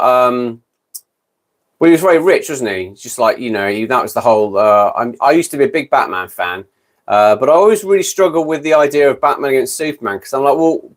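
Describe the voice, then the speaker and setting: A British man in his fifties hosting a casual livestream chat, rambling and correcting himself as he goes. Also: medium pitch. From Britain. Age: 50s. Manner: rambling, self-correcting, gabbling. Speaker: livestream host.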